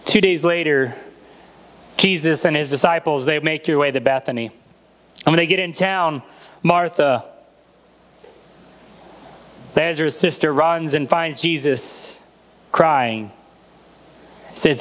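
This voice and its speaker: High-voiced man preaching a sermon. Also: animated, moderate pace, long pauses, fairly bright tone. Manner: storytelling preaching, acting out quoted voices. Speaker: pastor.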